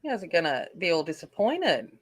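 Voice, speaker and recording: A woman's voice: on the low side, big pitch swings, fairly quick, noisy background. An Australian woman hosting a coloring live stream, chatting casually and rambling while answering viewer comments. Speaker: coloring channel host.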